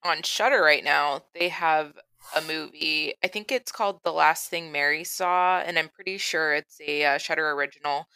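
A woman's voice: low-pitched, normal speed, bright, forceful tone, clean tone, no echo. A woman co-hosting a podcast, chatting casually with hesitant fillers. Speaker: podcast co-host.

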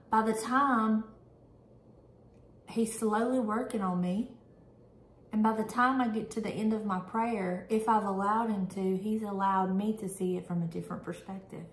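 A woman's voice: mid-range voice, steady tone, measured pace, reverberant. A woman vlogger reading a devotional prayer aloud and reflecting on it in an earnest, candid, conversational way.

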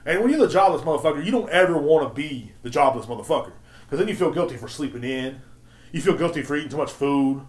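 A young man hosts a podcast in a quick, expressive voice on the high side. His casual solo rant rambles and swears its way through a story, with frequent laughter and acted-out quotes, recorded in an echoey room.

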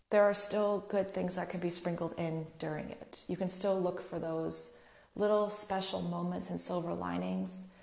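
Young woman podcasting solo, chatty and blunt, kinda low gravelly voice, echoey room. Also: darkish tone. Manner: chatty and candid, swearing freely. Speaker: podcast host. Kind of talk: casual solo podcast monologue.

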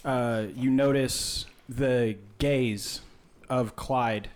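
A man narrating a tabletop game as game master, casual and relaxed with many fillers. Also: medium pitch, extremely slow.

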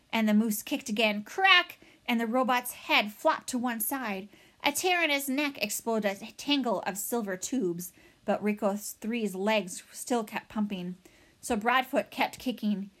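A woman narrating a children's novel aloud in an expressive, dramatic way. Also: medium pitch. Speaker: audiobook reader. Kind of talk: storybook narration.

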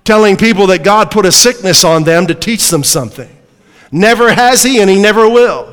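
A high-voiced male preacher gives an emphatic sermon, driving his points home and posing questions to the congregation. His fairly bright, animated voice moves at normal speed and rings out with a long reverb, as though in a church sanctuary.

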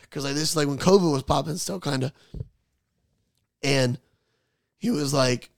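A young man hosting a podcast, telling a story in casual, profane slang with animated energy. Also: on the high side, moderate pace, gravelly, pauses often, dry recording. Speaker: podcast host.

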